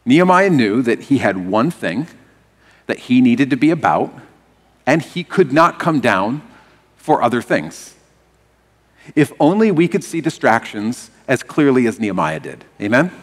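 A man preaching a sermon as pastor, animated and leading the congregation in call and response. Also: on the high side, moderate pace, in a large hall.

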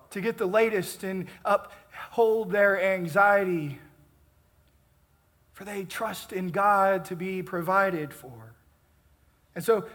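A pastor delivering a sermon, measured and emphatic, building intensity and then easing off. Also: male voice, sits high, fairly bright tone. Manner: measured, emphatic preaching with rising and falling intensity.

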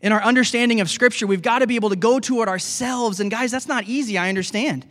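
High-voiced pastor preaching in a reverberant hall. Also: male voice, fast talker, a bit bright. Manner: earnest, conversational preaching that addresses the congregation as guys. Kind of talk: sermon. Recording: long reverb of a large hall.

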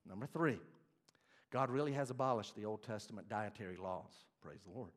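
A man preaching a sermon as pastor, passionate, swinging from quiet asides to loud emphatic preaching. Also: mid-range voice, a little fast.

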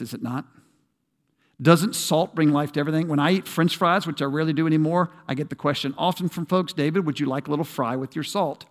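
A middle-aged man preaches from the pulpit with emphatic, animated delivery and homey asides. His voice sits a little high for a man. A long reverb from the big sanctuary trails behind every phrase. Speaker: pastor. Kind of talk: sermon. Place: large church sanctuary.

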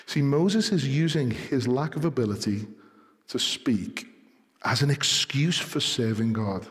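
A man preaching a sermon, moving from calm explanation to rising, emphatic delivery. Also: mid-range voice, a little slow. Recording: long hall reverb.

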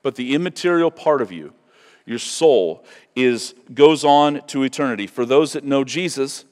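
A man preaching a sermon as pastor, reading scripture aloud with loud emphatic passion. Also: mid-range voice, expressive, normal speed. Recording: long reverb of a large hall.

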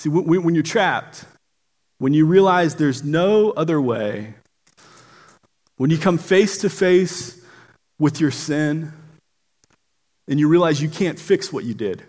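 A man's voice: fairly high pitch, expressive, takes it slowly, long pauses, a little mellow. A man preaching a sermon in an earnest way, often stumbling and repeating words as he starts a phrase.

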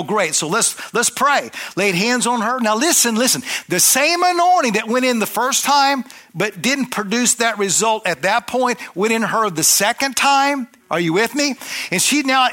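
A middle-aged male preacher with a high, bright voice. He tells his story in a loose, chatty way, full of restarts and asides to the people listening. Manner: rambling, conversational, with many restarts and asides to the congregation. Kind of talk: storytelling sermon.

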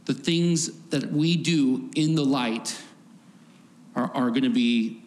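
A preacher with a mid-range, darkish voice speaks slowly in a conversational sermon, often laughing and voicing characters from the story. Faint background noise and long hall reverb fill the recording.

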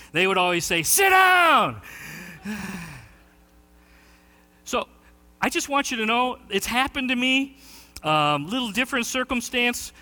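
Bright-voiced pastor preaching in a reverberant hall. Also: male voice, sits high. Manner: animated storytelling, shouting quoted lines. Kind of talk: sermon.

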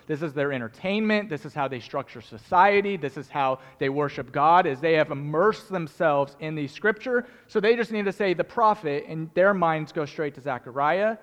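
Man, pastor, lively joking sermon, high voice, long hall reverb. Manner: animated, joking, talks to the congregation.

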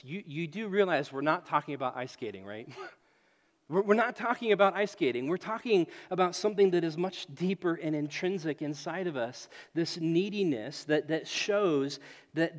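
This late-thirties pastor's voice sits on the high side as he preaches at a normal speed in a hall full of echo. His sermon is animated storytelling, with voices acted out and frequent repeated phrases.

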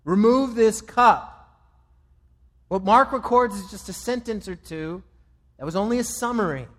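A man's voice: sits high, fairly quick, a bit bright, in a large hall. A man preaching a sermon as pastor, with an emphatic, repetitive cadence.

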